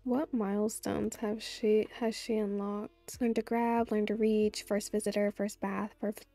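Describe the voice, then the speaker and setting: A woman's voice: mid-range voice, level tone, unhurried, dark tone, dry recording. A woman giving casual let's-play commentary, gushing and chatty as she plays. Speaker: gameplay YouTuber.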